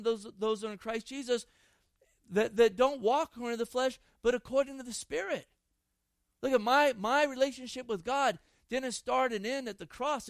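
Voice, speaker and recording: A man's voice: very high-pitched, no room sound. A man preaching a sermon, emphatic and repeating phrases for stress. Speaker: pastor.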